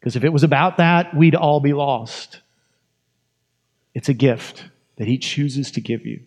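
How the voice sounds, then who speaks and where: A man's voice: medium pitch, measured pace, darkish tone. A man preaching a sermon in a conversational, emphatic way, asking questions and repeating phrases for effect.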